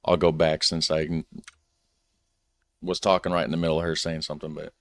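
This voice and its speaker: A man's voice: extremely low pitch, level tone, brisk, fairly bright tone. An American man hosting a reaction video, rambling in a laid-back, chuckling way. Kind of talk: casual commentary.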